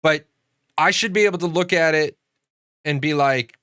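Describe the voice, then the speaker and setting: A high-voiced man rambles through a casual monologue, cursing often and slipping into quick acted-out exchanges. The sound is close and dry, with no room around it. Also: fairly bright tone, clear, resonant tone, no room sound. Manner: profane, rambling, acts out dialogue in storytelling. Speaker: gaming channel host.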